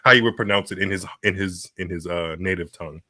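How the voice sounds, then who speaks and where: A man with a very low voice and a bright, forceful edge, co-hosting a casual tennis chat. He rambles and restarts his sentences. The sound is dry and close. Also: fast, dry recording. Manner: rambling, restarts, laughs often. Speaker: podcast co-host.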